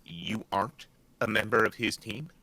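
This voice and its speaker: A man playing in a tabletop game, stammering and halting, with occasional sudden shouts. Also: lowish voice, vocal fry, slight background noise. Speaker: player.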